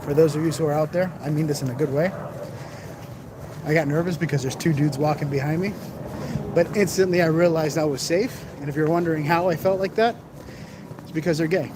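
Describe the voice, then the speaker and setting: A man's voice: fairly high pitch, fairly quick, long pauses. A man live-streaming while he walks city streets at night, chatting casually and reading viewer comments aloud into his phone camera. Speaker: livestream vlogger. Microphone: handheld phone camera. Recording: street noise behind.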